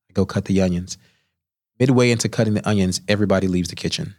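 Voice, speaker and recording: A man's voice: low voice, quick pace. A man, a chef and interview guest, telling stories in a podcast studio and acting out the people he quotes. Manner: animated storyteller who acts out quoted voices. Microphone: studio microphone.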